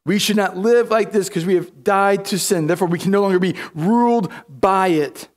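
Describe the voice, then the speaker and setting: A man's voice: high voice, moderate pace. A man preaching a sermon in a church, emphatic, often repeating words and restarting. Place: church sanctuary.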